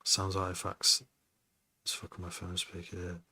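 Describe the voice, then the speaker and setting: Low-pitched and monotone, with a sharp tone and a breathy edge, this man talks at a moderate pace during a music production stream. His casual chat wanders, full of swearing, words said twice, and sentences dropped halfway.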